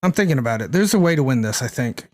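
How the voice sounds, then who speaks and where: A man's voice: mid-range voice, sing-song, fast, darkish tone. A young man streaming a card game, chatting casually, thinking aloud and answering his chat. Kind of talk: casual live-stream commentary.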